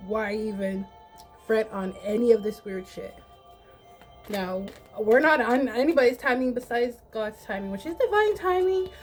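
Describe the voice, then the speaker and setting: A woman's voice: fairly high pitch, fairly even intonation, measured pace, faint music behind. A woman giving a casual tarot reading in a blunt, sassy, profane way. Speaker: tarot reader.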